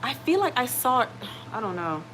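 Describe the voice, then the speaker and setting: A woman's voice: on the high side, big pitch swings, moderate pace, fairly bright tone, slight background noise, rough recording. A woman hosting a live stream in casual chat. She rambles, reads out viewer comments and reassures people, often checking in with "okay?". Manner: reassuring, keeps asking "okay?".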